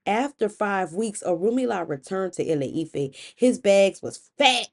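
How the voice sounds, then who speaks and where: A woman's voice: mid-range voice, expressive, unhurried, a little mellow. A woman hosting a podcast, telling a myth in a casual, playful way with slangy asides. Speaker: podcast host. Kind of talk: casual storytelling of myths.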